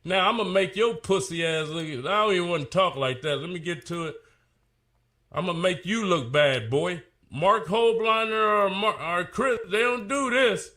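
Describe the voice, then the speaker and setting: A man's voice: sits high, normal speed. A man angrily ranting and cursing while reading product ingredients aloud. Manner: loud, profane, animated ranting. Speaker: fitness personality reading product labels. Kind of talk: heated ranting clip.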